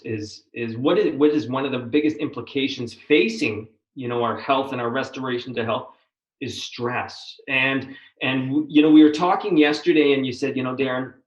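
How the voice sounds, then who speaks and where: Male host, earnest and animated, mid pitch, roomy echo. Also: moderate pace, lo-fi sound. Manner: earnest, animated, often restarts phrases. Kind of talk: conversational interview.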